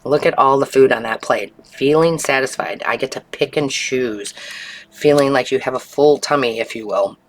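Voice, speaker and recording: A woman giving an intuitive tarot reading in a calm, unhurried way, often checking in with the listener. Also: extremely low pitch, slight background noise. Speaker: tarot reader.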